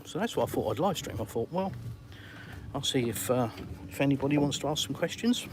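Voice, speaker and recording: A man's voice: medium pitch, expressive, fairly quick, background noise. A middle-aged Englishman chatting casually on a live stream, reading viewer comments and calling people mate. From England.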